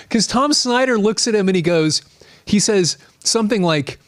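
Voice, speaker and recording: A man in his late fifties hosting a live stream, chatting casually in a rambling, animated way while reading out viewer comments. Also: extremely high pitch, moderate pace, dry recording. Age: 50s.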